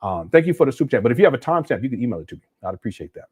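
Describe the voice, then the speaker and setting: A man's voice: mid-range voice, sing-song, very fast, darkish tone, slightly rough, dry recording. A man hosting a livestream, giving blunt, critical commentary and answering viewer chats, often restarting his sentences. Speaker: host.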